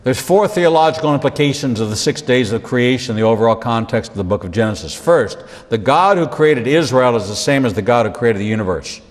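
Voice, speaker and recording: A rabbi teaching the Bible in sermon style, with animated delivery, repeated phrases for emphasis and humorous asides. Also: male voice, mid-range voice, a little fast, hardly any pauses, in a large hall.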